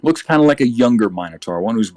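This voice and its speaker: A man narrating as game master in a tabletop game, relaxed, with frequent fillers and self-corrections. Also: mid-range voice, fast, dry recording, soft background music.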